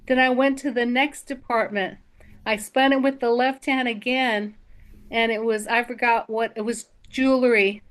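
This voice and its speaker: A woman's voice: a little high, steady tone, normal speed, a bit bright. Older woman reverend, chatty storyteller. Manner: chatty, reassuring, restarts words often. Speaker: reverend giving spiritual readings. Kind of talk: spiritual talk and storytelling.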